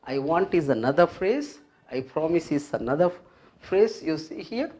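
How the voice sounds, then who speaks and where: An English grammar teacher explaining a rule at the board, patiently repeating each phrase and example several times and pausing often with fillers. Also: mid-range voice, lively intonation, a little mellow. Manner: explains step by step with frequent fillers. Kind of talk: classroom grammar lesson at a board.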